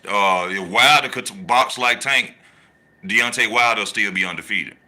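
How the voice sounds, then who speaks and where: A boxing channel host runs a casual talk show in a fairly low voice at a moderate pace. Animated and slangy, he reads the chat and repeats his points for emphasis.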